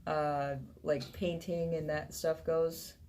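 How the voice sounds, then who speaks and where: A woman who owns a shop, talking in a relaxed, hesitant way with many fillers as a guest on a radio show. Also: low-pitched, takes it slowly. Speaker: vintage shop owner, guest. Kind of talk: casual radio interview. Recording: faint ambient noise.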